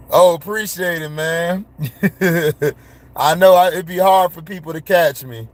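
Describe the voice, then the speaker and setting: A man ranting casually to his viewers, blunt and full of slang, laughing and getting worked up. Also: high-pitched. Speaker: vlogger.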